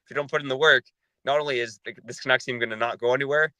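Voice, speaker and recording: A man hosting a sports podcast, talking in a measured, analytical way. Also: medium pitch, fairly even intonation, sharp tone, no room sound, low-quality recording. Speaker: podcast host.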